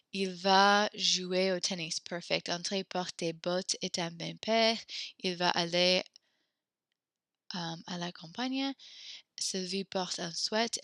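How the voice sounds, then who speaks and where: A young woman leads a French class over a video call, her voice bright and a little gravelly, sitting low in her range. She is upbeat and patient, cheering her students on as she corrects their sentences. The sound is close and dry. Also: no room sound. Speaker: French teacher. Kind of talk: online class teaching. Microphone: computer mic on a video call.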